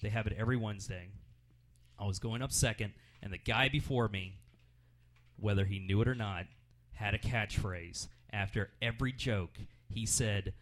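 A man doing a rambling stand-up set at an open mic in a comedy club, jumping up in pitch for his punchlines. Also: normal speed, a bit bright. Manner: rambling, jumps in pitch for punchlines and put-on voices.

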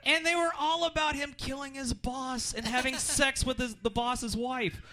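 A man doing a rambling stand-up set at an open mic in a comedy club, jumping up in pitch for his punchlines. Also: fairly even intonation, moderate pace, bright, forceful tone. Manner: rambling, jumps in pitch for punchlines and put-on voices.

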